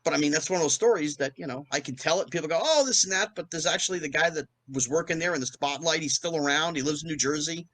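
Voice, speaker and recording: A middle-aged man, a podcast guest, telling anecdotes in a lively way and acting out the voices of people he quotes. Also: a little high, fast, few pauses, low-quality recording. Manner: animated, acts out quoted voices. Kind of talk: anecdotal storytelling.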